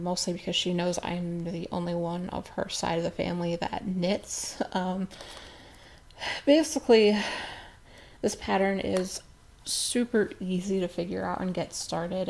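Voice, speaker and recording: A woman's voice: medium pitch, a little mellow. A woman hosting a knitting podcast, chatting casually and rambling with lots of ums. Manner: chatty, rambling, many ums, laughs at herself. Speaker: podcast host.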